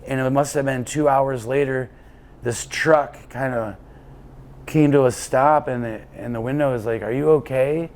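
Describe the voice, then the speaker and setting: A man's voice: mid-range voice, fairly even intonation, measured pace, darkish tone. A man being interviewed as an endurance cyclist, telling a long story in a casual, rambling way with plenty of fillers and restarts.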